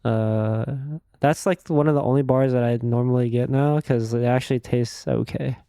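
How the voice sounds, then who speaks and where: A man's voice: medium pitch, steady tone, normal speed, creaky, warm tone, clear, resonant tone, no echo, clean studio sound. A man live-streaming a game, chatting casually and crudely with his audience in a rambling way. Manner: rambling, crude, laughs easily.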